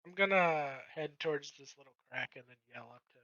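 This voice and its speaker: A man playing a tabletop game, cheeky and loud. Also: fairly high pitch, brisk, no room sound. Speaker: player. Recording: dull lo-fi sound.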